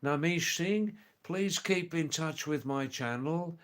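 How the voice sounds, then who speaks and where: Slow-talking man between British and Australian accent. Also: fairly high pitch, fairly bright tone. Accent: between British and Australian English. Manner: slow, hesitant, repeats phrases. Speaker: live stream host. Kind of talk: casual live-stream chat reading viewer comments.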